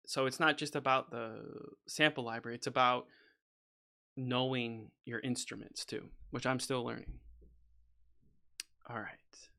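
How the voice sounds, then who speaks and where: A man talks through his music session on a livestream, rambling and opinionated, often restarting his sentences. His voice is bright and a little tense, and he sits in a home studio as he works. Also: medium pitch, fairly even intonation, unhurried, gravelly, long pauses. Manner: rambling, restarts often, says "freaking" and "you know"; opinionated, goes off on a soapbox. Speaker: composer streaming a session. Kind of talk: casual livestream talk while working.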